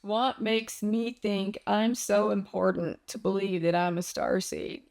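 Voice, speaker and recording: A woman talking to her viewers in an emotional personal vlog, speaking haltingly as she holds back tears. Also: mid-range voice, level tone, gravelly, darkish tone. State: close to tears. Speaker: spiritual vlogger.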